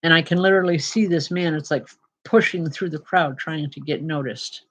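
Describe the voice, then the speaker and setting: A spiritual medium hosting a show gives live spirit-message readings in a low voice at a moderate pace. She's chatty and apologetic, says um a lot, and at times grows emotional.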